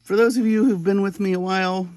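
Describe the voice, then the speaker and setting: At three in the morning, a woman hosts her jewelry-making channel's vlog from her home bead room, telling a chatty, self-deprecating story and often breaking into laughter. Her mid-range voice is steady, fast and a little mellow, on a dry recording.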